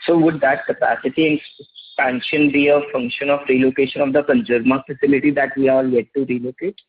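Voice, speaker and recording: A man's voice: medium pitch, flat delivery, brisk, breathy edge. A man with an Indian English accent, politely asking an analyst's questions on an earnings call. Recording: tinny phone line.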